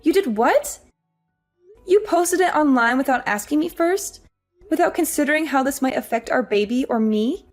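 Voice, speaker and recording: An actress playing an exhausted young working wife, weary and pleading. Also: female voice, high voice, fast, few pauses, faint music behind, natural voice. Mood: upset. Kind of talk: audio drama acting.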